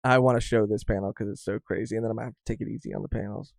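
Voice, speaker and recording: A man's voice: lowish voice, steady tone, racing, gravelly, a little mellow, dry recording, clean studio sound. A man co-hosting a podcast, chatting casually and animatedly about a manga chapter, swearing freely and often restarting his sentences. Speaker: podcast co-host. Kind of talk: casual chat reviewing manga.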